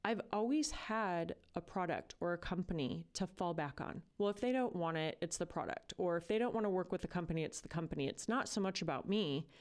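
A woman's voice: fairly low pitch, a little mellow, smooth. A woman hosting a podcast, talking in a casual, earnest and chatty way. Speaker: podcast host. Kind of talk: casual solo podcast talk.

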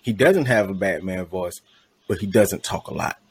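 A man as guest co-host of a casual podcast chat, opinionated and quick to laugh, often restarting his sentences. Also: low voice, expressive, slight background noise.

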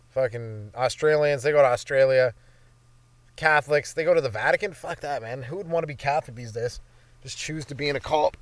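A man's voice: mid-range voice, no echo. A young Canadian man hosting a comedy podcast, rambling through a profane solo monologue and slipping into silly voices. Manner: profane, jumps between bits and silly voices. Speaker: podcast host.

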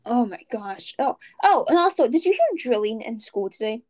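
A teenage girl co-hosting a laid-back podcast with her friend. Her voice sits a little on the high side, and she rambles through her stories with plenty of fillers and laughter. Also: very animated, normal speed, darkish tone, rough recording. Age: teens. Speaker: podcast co-host. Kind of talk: casual chat.

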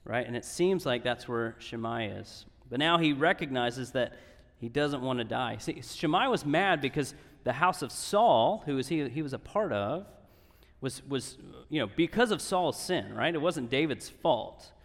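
A man's voice: mid-range voice, animated, unhurried, fairly bright tone. A man preaching a sermon in earnest tones, often checking in with "right?". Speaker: pastor. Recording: reverberant hall.

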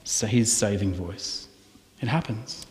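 Pastor preaching in a reverberant hall. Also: male voice, lowish voice, slow pace, a little hiss or hum. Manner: animated preaching with rhetorical questions, soft at times. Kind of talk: sermon. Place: church hall. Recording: long reverb of a church hall.

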